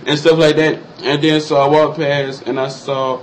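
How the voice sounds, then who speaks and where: Young man telling a story, animated. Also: quick pace, few pauses, slight background noise, rough recording. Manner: animated, acts out quotes in exaggerated high voices. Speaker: vlogger. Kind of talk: casual storytelling vlog.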